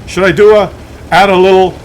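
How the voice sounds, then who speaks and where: High-voiced man telling an exasperated story. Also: a little fast, slight background noise. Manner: exasperated, animated, many restarts. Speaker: vlogger. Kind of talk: comic storytelling to camera.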